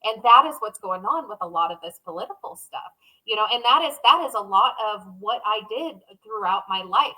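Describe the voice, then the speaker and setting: A woman's voice: medium pitch, lively intonation, brisk, sharp tone, rough recording. A woman co-hosting a casual podcast, speaking candidly and emotionally and acting out her own inner voices. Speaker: podcast co-host. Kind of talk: casual conversation.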